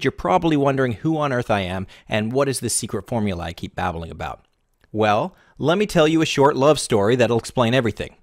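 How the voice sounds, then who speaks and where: A man narrating a scripted sales pitch as a relationship consultant, in breathless, hyped-up salesmanship. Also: dry recording, studio quality.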